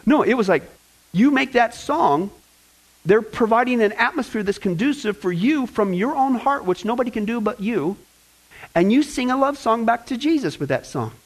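A male pastor preaching a lively sermon, joking and talking straight to his congregation. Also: extremely high pitch, normal speed, low-quality recording. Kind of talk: sermon with fill-in-the-blank notes.

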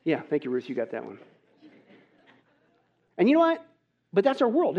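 High-voiced emphatic preacher man, lo-fi. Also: wildly swooping pitch, moderate pace, long pauses. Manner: emphatic, calls out "right?" to the congregation; swings from soft to loud exhortation. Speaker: pastor. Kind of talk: sermon. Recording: dull lo-fi sound.

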